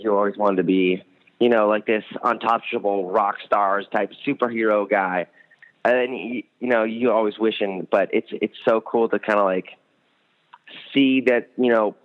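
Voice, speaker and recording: Young man, lowish voice, tinny phone line, rambling enthusiastic guest. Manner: rambling, many fillers, enthusiastic. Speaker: band musician, guest. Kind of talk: casual interview over phone.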